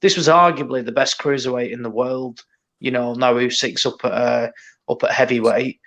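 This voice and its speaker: A man co-hosting a boxing podcast who speaks bluntly and mocks his targets freely. His voice is mid-pitched, and his delivery is casual and uneven. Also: fairly even intonation, moderate pace, a bit bright. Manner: blunt, sweary, mocking. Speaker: podcast co-host.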